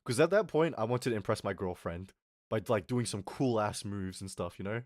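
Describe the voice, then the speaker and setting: A young man telling a story on his stream, swearing a lot and swinging between mutters and yells. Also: on the low side, expressive, moderate pace, no echo, studio quality. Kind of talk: casual storytelling rant on a live stream.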